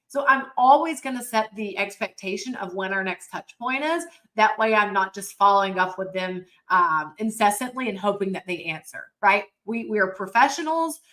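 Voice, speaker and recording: Brief: upbeat woman sales trainer, emphatic coaching delivery, crisp bright tone, webinar mic. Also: mid-range voice, normal speed, hardly any pauses, poor audio. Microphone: computer mic on a webinar.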